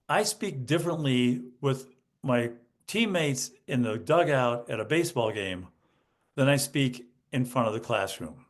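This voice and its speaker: A man, a guest educational consultant on a podcast, explaining speaking skills and acting out examples with lively emphasis. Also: mid-range voice. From United States. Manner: animated, demonstrates emphasis by acting out student lines. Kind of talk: podcast interview.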